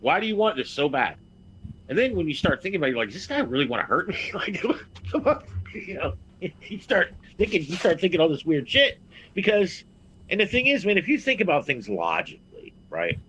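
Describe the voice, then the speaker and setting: A man chatting on a podcast who tells a story bluntly and profanely, swearing often and getting loud and heated. His voice is bright and forceful, with a lively, swinging pitch. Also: brisk, a little hiss or hum, poor audio. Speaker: podcast co-host, veteran wrestler. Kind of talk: casual podcast chat.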